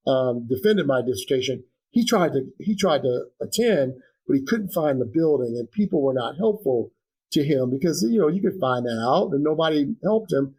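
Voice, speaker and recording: A man's voice: medium pitch, a little mellow, low-quality recording. A middle-aged man speaking as a guest in an interview, earnest and reflective, with frequent restarts and fillers. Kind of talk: conversational interview.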